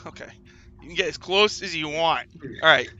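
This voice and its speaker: A man's voice: fairly high pitch, normal speed, sharp tone, lo-fi sound. A man narrating a tabletop game as game master, often laughing and stumbling over restarts.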